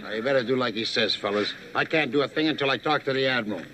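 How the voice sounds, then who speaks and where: An actor playing a folksy, easygoing PT boat skipper who coaxes and calms his crew, in a 1960s sitcom. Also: mid-range voice, rapid-fire, over a noisy crowd, natural voice. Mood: coaxing. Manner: folksy, coaxing, calms others. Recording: noisy old TV soundtrack.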